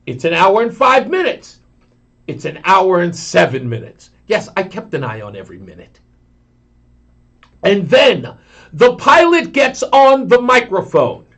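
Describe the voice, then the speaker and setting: A man hosts a talk radio show, animatedly telling a long story and acting out the voices of its characters. His voice is on the high side, and the audio is lo-fi.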